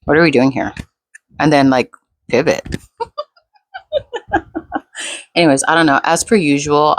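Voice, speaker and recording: A woman's voice: rumbling low, dry recording. A woman vlogger rambling in a laid-back, unscripted monologue, full of fillers.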